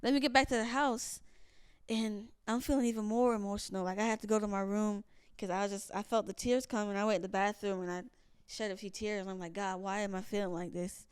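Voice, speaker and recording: A young woman with a smooth, clear voice tells stories in a relaxed podcast chat. She is animated and acts out other people's lines, often restarting her sentences. The sound is close and dry, with no room around it. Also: medium pitch, brisk, dry recording. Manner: animated storyteller, acts out quotes, many restarts. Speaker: podcast co-host. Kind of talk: casual storytelling chat.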